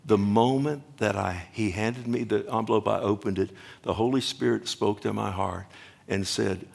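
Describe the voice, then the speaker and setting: A middle-aged male pastor preaches a sermon at a normal pace in a husky voice with vocal fry, rambling and repeating himself with frequent restarts. He keeps checking in with the congregation by asking "amen?" and grows louder and higher in pitch as he builds.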